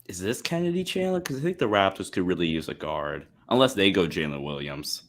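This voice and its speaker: A man co-hosting a casual live stream, excitable and quick to laugh. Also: low-pitched. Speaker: podcast co-host.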